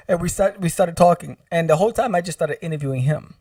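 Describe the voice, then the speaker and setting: Man, podcast guest, animated storyteller, slightly high voice, dry and a bit distant sound. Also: fast, dry recording. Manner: animated, humorous, acts out quotes. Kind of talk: casual storytelling.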